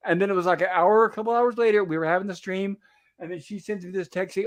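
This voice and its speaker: A man's voice: sits high, steady tone, fast talker. A man hosting a casual livestream chat, telling a rambling story and repeating "I said" as he recounts a conversation. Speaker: host.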